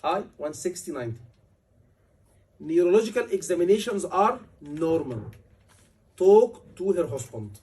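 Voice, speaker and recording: A man's voice: high voice, big pitch swings, a little slow, long pauses, darkish tone, slightly rough, far from the mic. A man, tutoring a class for a medical exam, emphatic and repeating key words over and over. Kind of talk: classroom lecture.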